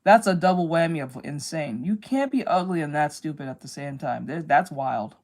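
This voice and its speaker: A woman's voice: deep voice, lively intonation, normal speed, darkish tone. A woman streamer chatting casually while she draws, rambling and blunt, swearing freely and laughing often. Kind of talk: casual chat while drawing.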